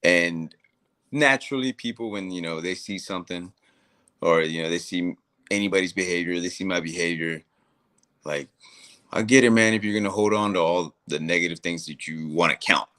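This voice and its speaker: A man with a deep, low voice talks plainly in casual podcast chat. He is blunt, with a dry, wry edge. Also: normal speed, sharp tone. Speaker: podcast co-host; Marine leader.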